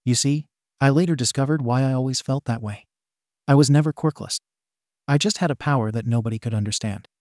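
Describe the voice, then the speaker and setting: A man's voice: medium pitch, a little fast, darkish tone, no echo, studio quality, close to an everyday voice. A man voicing a bitter, scarred young male villain confronting his father in a fan fiction reading, menacing and accusing.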